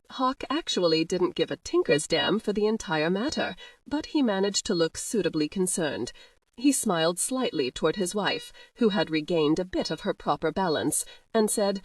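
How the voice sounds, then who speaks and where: A woman narrating a historical romance audiobook in steady storytelling. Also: lowish voice, moderate pace, no echo.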